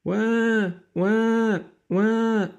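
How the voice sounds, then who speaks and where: Man voicing a screaming small girl mid-tantrum, very high and loud. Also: fairly even intonation, extremely slow, gravelly, smooth, heavily acted. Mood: bawling.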